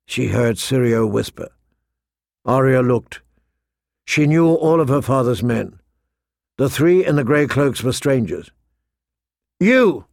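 A man narrating a fantasy audiobook in a steady, measured storytelling voice. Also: mid-range voice, vocal fry, dry recording, studio quality.

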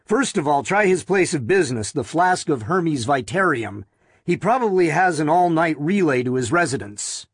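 A man's voice: a little high, very animated, normal speed, husky, dry recording, studio quality. A man reading the lines of a tired, fed-up police officer on night duty in an audiobook. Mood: weary. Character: weary adult male police officer on night patrol.

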